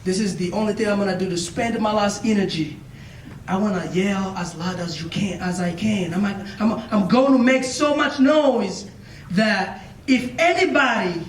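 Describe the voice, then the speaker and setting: A man voicing a hungry young man lost in the wilderness, speaking in a lowered, urgent voice. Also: normal speed, a little hiss or hum, natural voice. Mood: desperate. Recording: echoey room, mic far off.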